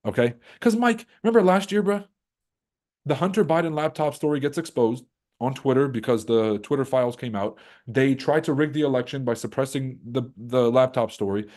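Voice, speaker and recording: A man with a dark, mellow voice rants on a trading livestream. He swears freely and runs on in loose, casual commentary. He mocks other people by putting on voices. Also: medium pitch, moderate pace. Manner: profane, animated, mocks others in put-on voices. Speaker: livestream host.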